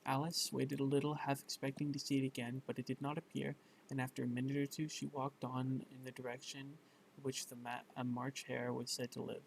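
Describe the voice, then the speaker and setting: A man's voice: medium pitch, flat delivery, fairly quick, gravelly, a little hiss or hum, rough recording. A man reading a bedtime story aloud, stumbling over words and correcting himself, with fillers along the way.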